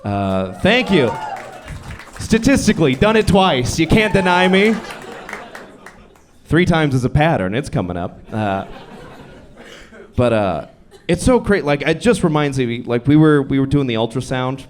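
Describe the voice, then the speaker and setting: Deadpan young man doing stand-up. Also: a little high, unhurried, pauses often. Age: young adult. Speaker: stand-up comedian. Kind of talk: stand-up set. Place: comedy club stage.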